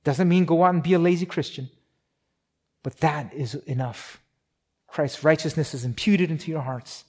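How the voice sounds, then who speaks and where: A man preaching a sermon in a conversational way, with many restarts and fillers. He gets louder for emphasis and drops soft and slow on key points. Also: on the high side, slightly rough. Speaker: pastor.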